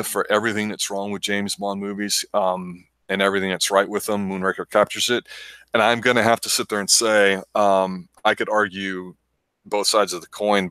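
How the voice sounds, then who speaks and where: A man with a low voice and a bright, forceful tone, reviewing films in casual chat. He rambles with enthusiasm and slips into quick impressions, recorded dry and close to the mic. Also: clean tone, no echo. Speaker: movie review show co-host.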